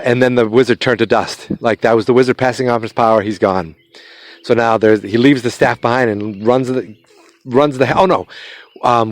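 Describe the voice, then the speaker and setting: A man of middle pitch talks through a film's story in a relaxed, meandering way. He stops, restarts and fills gaps with ums as he goes. The sound is dry, with no room around him. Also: dry recording. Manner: rambling, loose retelling with many fillers and restarts. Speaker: podcast host. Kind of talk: casual movie recap.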